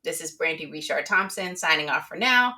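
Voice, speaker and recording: A woman hosting a talk show, upbeat and quick to laugh, wrapping up an interview. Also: sits low, expressive, sharp tone. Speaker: show host. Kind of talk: casual interview chat.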